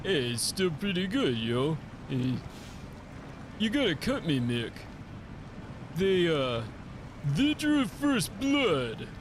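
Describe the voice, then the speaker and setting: A man's voice: high-pitched, very animated, takes it slowly, pauses often, noisy background, exaggerated voice. A man doing a slurred, mumbling impression of a tough-talking boxer playing a pirate. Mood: gruff.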